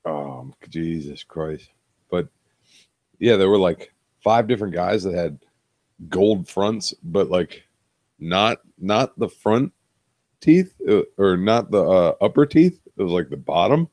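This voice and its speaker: A man with a lowish voice, recorded close and dry. He co-hosts a casual chat and tells exasperated, profanity-laced bar stories. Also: animated, slow pace, a little mellow, dry recording. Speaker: podcast co-host, bartender.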